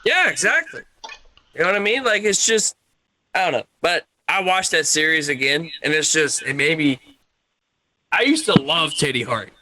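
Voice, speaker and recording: A man co-hosts a casual wrestling podcast, talking in an emphatic, animated way and swearing often. His voice sits a bit high for a man and sounds forceful and bright. He leans hard on his strongest words. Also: normal speed, a little hiss or hum. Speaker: podcast co-host. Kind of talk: casual chat about wrestling.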